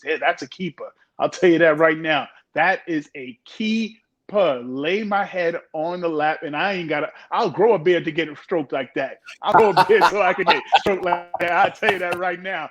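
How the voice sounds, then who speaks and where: A man's voice: a little high, normal speed, hardly any pauses. A man co-hosting a podcast, talking with emphatic, playful energy. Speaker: podcast co-host. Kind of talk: casual discussion.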